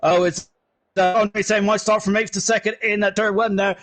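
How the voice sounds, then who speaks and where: A man commentating a sim racing league live, excitable and chatty, shouting at the big moments. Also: high voice, moderate pace. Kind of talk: live esports race commentary.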